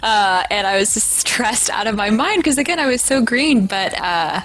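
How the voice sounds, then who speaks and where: A woman's voice: fairly high pitch, animated, normal speed, fairly bright tone, faint music behind, rough recording. A woman voice actor talking casually in an interview, chatty and self-deprecating.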